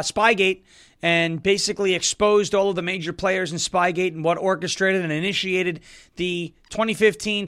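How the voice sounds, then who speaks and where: A man hosting a political commentary show. His voice is high-pitched and bright, with a sharp edge. He delivers the news with sarcasm and running jokes. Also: clean tone. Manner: sarcastic, joking. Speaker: host.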